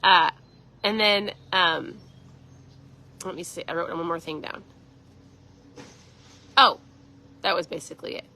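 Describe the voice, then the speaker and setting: A woman's voice: lowish voice, a little slow, long pauses, sharp tone. A woman in her forties, a keto coach, chatting earnestly on a casual live stream.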